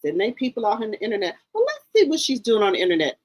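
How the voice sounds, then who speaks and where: A woman's voice: on the high side, wildly swooping pitch, quick pace, darkish tone, dull audio. A woman hosting a commentary channel, reacting to a clip in a scolding, exasperated, mocking way.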